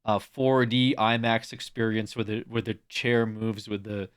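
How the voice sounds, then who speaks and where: Here a livestreamer speaks in a fairly low, clean-toned voice, a little slow and with fairly even intonation. He's at home chatting loosely with his chat, swearing and laughing plenty, and he drops to a soft, hushed coo to call his cat.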